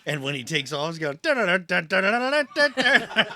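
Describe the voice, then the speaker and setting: A man's voice: a little high, very animated, normal speed, pushed and bright, slight background noise. A man playing in a tabletop game, cracking jokes and laughing asides. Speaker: player.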